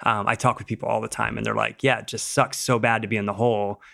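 A man's voice: on the low side, flat delivery, quick pace, creaky, a bit bright. A middle-aged man, a rock climber and podcast guest, telling stories in casual chat, acting out quoted dialogue and laughing often.

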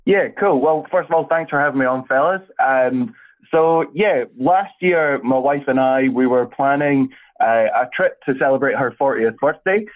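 A man's voice: mid-range voice, normal speed. Scottish man on a tinny phone line. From Scotland. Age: 30s. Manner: friendly, rambling with fillers. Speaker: caller. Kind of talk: casual chat.

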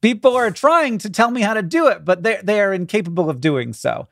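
A man's voice: sits high, animated, brisk, gravelly, no room sound, studio quality. A man co-hosting a comedy podcast, chatting casually and animatedly, often chuckling. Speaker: podcast co-host.

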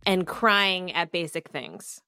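A woman's voice: lowish voice, lively intonation, takes it slowly, sharp tone, no echo, clean studio sound. A woman co-hosting a casual chat, teasing the guest and steering the talk. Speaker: co-host.

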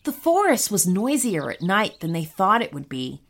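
Animated woman narrating a children's story. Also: medium pitch, normal speed, vocal fry.

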